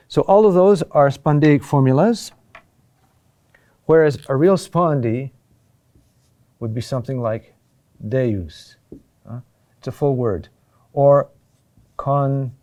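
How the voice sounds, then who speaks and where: A man teaches a recorded lesson on Latin chant, explaining things patiently and frequently checking in with a quick "huh?" His voice is medium in pitch and a little mellow.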